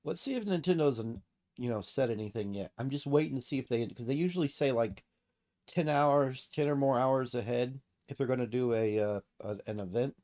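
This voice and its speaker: A man's voice: mid-range voice, fairly quick, darkish tone. Rambling, profane male streamer. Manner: rambling, self-mocking and profane. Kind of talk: casual solo livestream chat.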